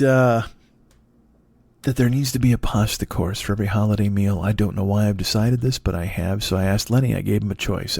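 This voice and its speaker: A man in his forties rambles through a solo podcast monologue in a low voice, cursing casually and laughing at his own failings. The sound is close and dry, with no room around it. He wanders from thought to thought in a loose, confessional way. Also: gravelly, a little mellow, no echo. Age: 40s. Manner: profane, self-deprecating, meandering. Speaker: comedian podcast host. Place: dark apartment.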